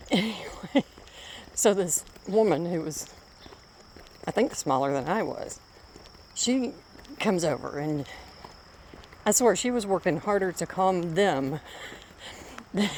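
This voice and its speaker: A woman's voice: on the low side, a little mellow, slight background noise. A middle-aged woman telling a rambling story on a walk outdoors, breaking off now and then to call her dog. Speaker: vlogger walking her dog.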